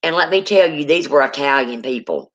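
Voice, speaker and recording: Low-pitched southern lady chatting folksy on a stream, kinda muffled lo-fi sound. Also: expressive, brisk. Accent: Deep South US. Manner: chatty, folksy, calls people honey. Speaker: co-host. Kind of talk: casual chat on a livestream.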